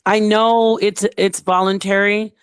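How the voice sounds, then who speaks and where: A woman's voice: mid-range voice, little pitch movement, a little slow, clear, resonant tone, no echo. A woman speaking as a guest in a casual live online chat, thoughtful and a little hesitant. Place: online live audio room.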